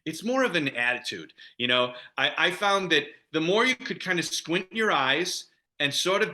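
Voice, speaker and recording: A man from Chicago talks casually over a video call with a bright, forceful tone. His pitch sits a little on the high side. He laughs easily and leans on "you know" and "like" as he goes. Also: animated, moderate pace. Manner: chatty, laughs often, fillers like "you know". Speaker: actor guest.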